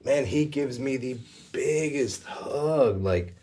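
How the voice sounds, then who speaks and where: Husky, halting Christian man. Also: mid-range voice, animated, dark tone. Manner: emotional, halting, full of fillers. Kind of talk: casual faith conversation.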